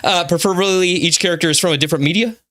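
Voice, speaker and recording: A man's voice: high voice, racing, pushed and bright. A man co-hosting a casual chat, rambling with frequent stammers and easy laughter. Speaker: podcast co-host.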